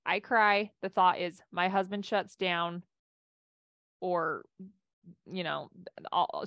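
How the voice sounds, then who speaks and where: A woman's voice: on the low side, a bit bright, no echo, studio quality. A woman life coach giving a casual coaching talk and answering audience questions, with a chatty delivery full of restarts.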